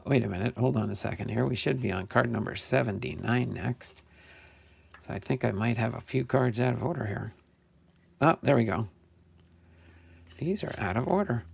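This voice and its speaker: Gravelly older man hosting a card stream. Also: mid-range voice, normal speed. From New Jersey. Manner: chatty, self-correcting, thinking aloud. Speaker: sports card channel host. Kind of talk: casual live stream chat.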